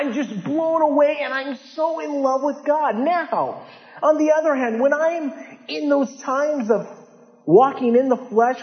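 A man preaching a sermon as pastor, impassioned, swinging from loud urgent peaks to low hushed lines. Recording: dull lo-fi sound in a large reverberant hall.

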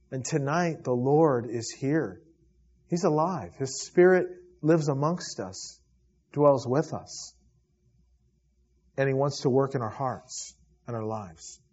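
A man preaching a sermon as pastor, swelling loud and then dropping to a hush. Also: fairly high pitch, breathy edge, dull audio. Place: church service.

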